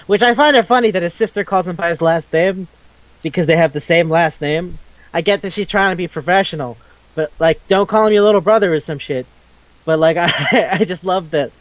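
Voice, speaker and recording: A man co-hosting a casual podcast chat, excitable and rambling, swearing freely as he talks. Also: fairly high pitch, quick pace, no room sound, highs cut off. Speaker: podcast co-host.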